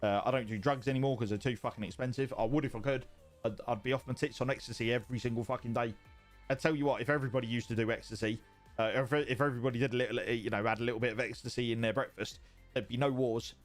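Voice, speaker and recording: A man's voice: mid-range voice, fairly even intonation, fast talker, faint music behind. A man streaming from home, chatting casually with viewers in a rambling, sweary way that repeats itself. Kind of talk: casual livestream chat reading viewer messages.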